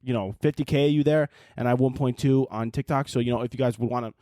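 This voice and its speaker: Young male podcast host, rapid, rambling, profane comic chatter, dry close sound. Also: medium pitch, fairly even intonation, warm tone, no echo. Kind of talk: casual comedic monologue.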